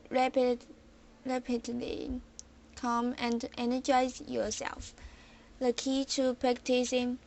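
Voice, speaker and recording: A young woman, a student, reading an article aloud in a halting way, often restarting words she cuts off. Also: a little high, a little mellow, slight background noise, low-quality recording. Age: young adult.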